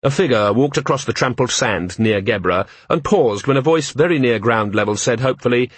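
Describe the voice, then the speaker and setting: Husky, expressive male audiobook narrator. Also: medium pitch, brisk, hardly any pauses, no echo. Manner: expressive, wry storytelling.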